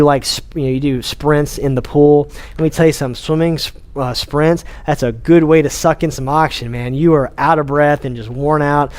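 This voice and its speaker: Energetic man giving a casual health talk. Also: a little high. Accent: Texan. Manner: energetic, informal, frequent restarts and repeated words. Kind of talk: casual seminar talk to patients.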